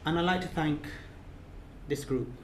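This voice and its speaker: An earnest man gives a heartfelt thank-you speech in a reception room, repeating key phrases as they build. His voice sits fairly high for a man. The room is reverberant, with a faint hum of ambience behind him. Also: measured pace. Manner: earnest, repetitive, building to emphatic peaks. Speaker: course leader giving a speech. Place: reception room of an official residence.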